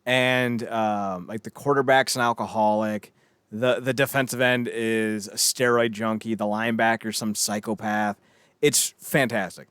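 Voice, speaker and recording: A man co-hosting a podcast in casual chat, animated and riffing with silly voices between laughs. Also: on the low side, measured pace, clean tone, no room sound. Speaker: podcast co-host.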